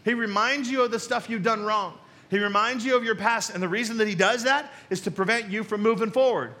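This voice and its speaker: A pastor preaching a conversational sermon, telling stories and jokes in a playful, storytelling manner. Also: male voice, sits high, a little fast, pushed and bright.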